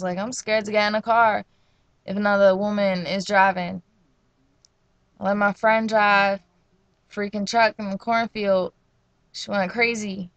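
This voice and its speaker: A woman's voice: mid-range voice, no echo. A young woman from New Jersey telling slangy, profane stories in a casual vlog rant. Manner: slangy, profane, animated storytelling.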